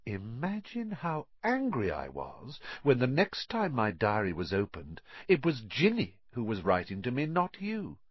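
A man's voice: medium pitch, wildly swooping pitch, measured pace, hardly any pauses, slightly rough, dry recording, lo-fi sound, full character voice. A man reading an audiobook, voicing a scheming, sneering sixteen-year-old boy wizard who gloats in a silky, cold manner. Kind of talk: audiobook character voice.

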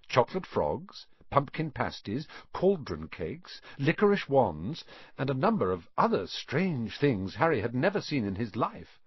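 A man narrating a storybook audiobook with an expressive, animated reading. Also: mid-range voice, husky, no echo, muffled recording.

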